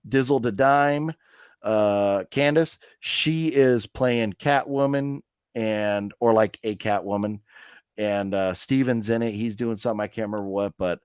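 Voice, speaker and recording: A man's voice: medium pitch, smooth, no echo, studio quality. A man hosting a live movie news stream, telling stories in a rambling, chatty way with lots of fillers. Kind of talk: casual chat.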